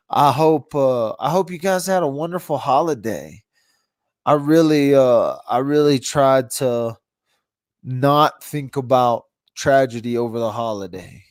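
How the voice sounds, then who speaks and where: A man's voice: medium pitch, a little mellow, no room sound. A man with a stuffy nose from a cold, hosting a casual live-stream chat, rambling, laughing often and restarting his sentences. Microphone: phone.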